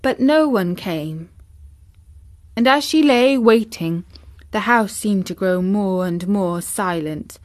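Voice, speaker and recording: Brief: woman reading a storybook aloud, unhurried, middle-pitched, gentle.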